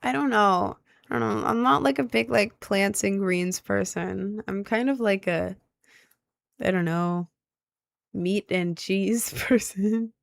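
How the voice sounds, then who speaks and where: A young woman streamer talks casually to her chat, wandering from one thought to the next with upbeat energy. Her voice sits at an ordinary pitch, captured close and dry with no room sound. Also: slow pace, gravelly, dry recording.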